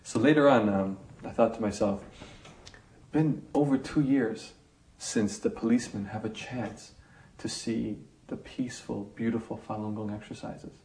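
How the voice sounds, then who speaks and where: A man in an interview telling a personal story in an animated way, acting out scenes and pausing with fillers. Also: on the low side, reverberant.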